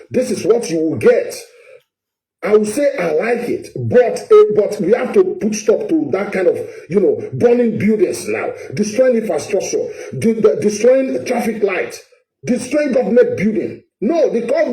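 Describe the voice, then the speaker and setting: A man's voice: sits high, mellow. Impassioned Nigerian man in echoey room. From Edo State, Nigeria. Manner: impassioned, repetitive, stammering restarts. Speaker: vlogger. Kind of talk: political rant to camera.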